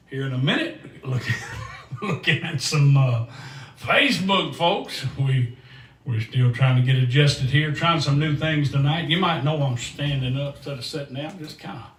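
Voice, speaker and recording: A man hosting a gospel country livestream, chatting in a folksy, rambling way and reading out viewers' names while a little excited and sweaty. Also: on the high side. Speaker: host and singer of a gospel country show. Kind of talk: livestream chat between songs. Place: standing up in a room. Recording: roomy echo, distant mic, guitar music.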